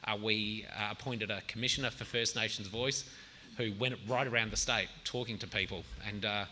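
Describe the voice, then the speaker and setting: Bright-voiced Australian man at a public forum. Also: fairly low pitch, fairly even intonation, a little fast, slight background noise. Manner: earnest, explanatory, with frequent restarts. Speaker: state government minister on a forum panel. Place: outdoor festival forum.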